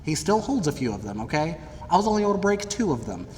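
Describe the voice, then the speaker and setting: A young man from Middle Tennessee telling funny stories about his own past to college students, in a lively, theatrical, self-deprecating way. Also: fairly high pitch, quick pace. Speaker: speaker addressing college students. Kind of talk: humorous personal storytelling. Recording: long reverb of a large hall, faint background noise.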